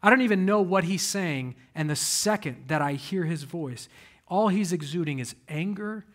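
A fairly high-voiced man preaches to his church in a conversational sermon. He talks straight to the congregation, punching key words and throwing out questions for them to answer. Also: expressive, moderate pace, fairly bright tone. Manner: emphatic, direct, addresses the congregation with rhetorical questions. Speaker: pastor.

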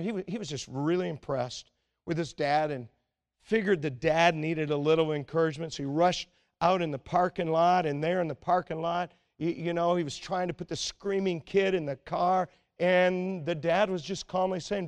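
Male pastor, fairly high voice, earnest sermon delivery that sinks to quiet urgency. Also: normal speed. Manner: earnest and exhorting, often dropping to a quiet, intense tone.

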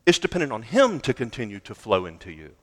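A male pastor preaching a sermon emphatically, swinging between loud declarations and quiet, low lines. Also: wildly swooping pitch, fast talker, big-room sound.

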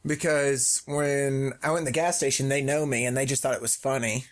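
A man's voice: mid-range voice, steady tone, normal speed. A young man co-hosting a podcast, telling prank stories in a joking, rambling way with many ums. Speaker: podcast co-host. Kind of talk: casual chat.

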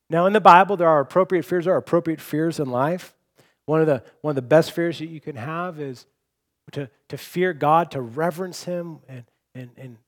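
A man's voice: fairly high pitch, a bit bright. A young adult man preaching a sermon, earnest and personal, often restarting with repeated words. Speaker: pastor.

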